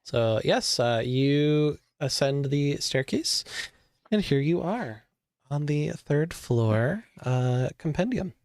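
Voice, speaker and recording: A man running a tabletop game as game master, describing scenes in a measured, halting way. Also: on the high side, expressive, a little mellow, no room sound, clean studio sound.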